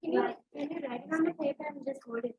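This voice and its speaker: High-voiced young woman student. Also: fast, darkish tone, muffled recording. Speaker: student in class. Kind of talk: casual classroom talk.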